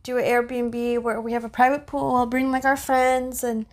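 A woman's voice: fairly high pitch, level tone, moderate pace. A woman co-hosting a podcast in casual chat, teasing and frank. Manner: teasing, frank, laughs easily. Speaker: podcast co-host.

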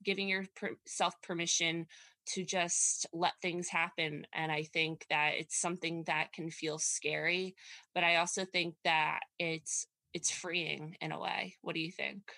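A woman's voice: lowish voice, level tone, unhurried, vocal fry, bright, forceful tone, dry recording. A woman co-hosting a podcast in casual chat, rambling along with many asides. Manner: rambling, lots of fillers and restarts. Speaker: podcast co-host.

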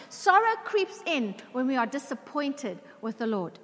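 A woman's voice: high voice, lively intonation, moderate pace, hardly any pauses. A woman preacher giving a sermon to a church congregation, emphatic, asking the congregation questions. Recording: long reverb of a large hall.

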